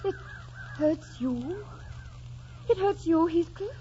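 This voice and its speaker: An actress playing Kathy, a wild, spirited young woman, with a bright, breathless, impetuous voice in 1940s radio acting. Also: very high-pitched, lively intonation, slow, a little hiss or hum, heavily acted. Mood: romantic. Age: young adult. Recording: dull lo-fi 1940s radio recording.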